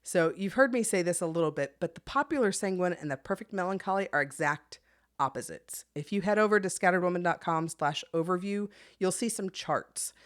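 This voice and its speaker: Female podcast host, 30s, animated solo talk, quick bursts, lots of laughter, slightly low voice.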